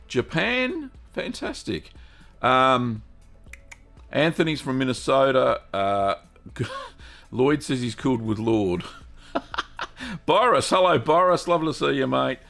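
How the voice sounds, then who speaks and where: A man with an Australian accent hosting a live stream, greeting viewers one by one in a relaxed, chatty way. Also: mid-range voice, takes it slowly, gravelly, pauses often, faint music behind. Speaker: host of a cheese-making livestream. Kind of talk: casual live-stream chat.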